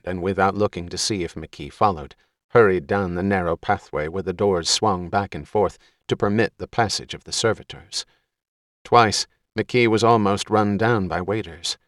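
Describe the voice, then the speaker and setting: A man giving steady, measured scripted narration as an audiobook reader. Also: deep voice, no room sound, clean studio sound.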